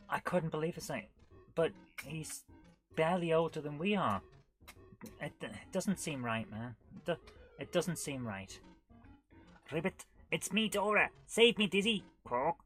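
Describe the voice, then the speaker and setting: A woman in her forties hosting a live retro-gaming stream, chatty and giggly, commenting on the game and reading chat aloud. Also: rumbling low.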